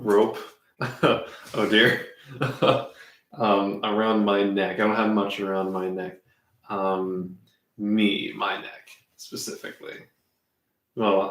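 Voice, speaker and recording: A man playing an improv word game, talking in a halting, musing way. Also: fairly low pitch, a bit bright, reverberant. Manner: halting, musing, full of fillers.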